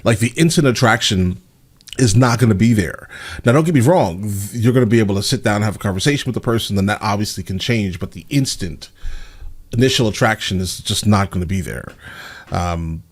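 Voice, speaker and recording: Low husky guy doing reaction commentary, keeps saying guys, quick asides. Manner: talks straight to viewers, repeats "guys", quick asides. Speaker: reaction channel host.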